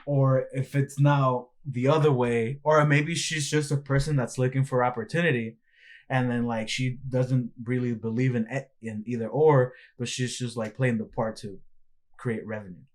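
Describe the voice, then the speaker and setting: A man's voice: mid-range voice, steady tone, moderate pace. Rambling casual podcast guy. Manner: rambling, heavy on "like" fillers. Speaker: podcast co-host.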